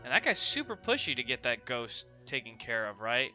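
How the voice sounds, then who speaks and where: A man's voice: mid-range voice, big pitch swings, moderate pace. A young man hosting a gaming channel, chatting casually about his gameplay and often asking viewers "right?". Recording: voice-over with game music behind.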